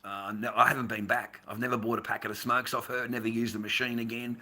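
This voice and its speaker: Blunt, sharp-toned man ranting. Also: mid-range voice, level tone, quick pace. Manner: blunt, profane, rambling, stammering restarts. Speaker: livestream host. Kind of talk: casual livestream rant.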